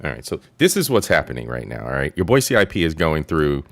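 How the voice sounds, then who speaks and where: Man, very deep voice, playful chatty host, repeats words back. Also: big pitch swings, quick pace, fairly bright tone. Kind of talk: casual reaction commentary.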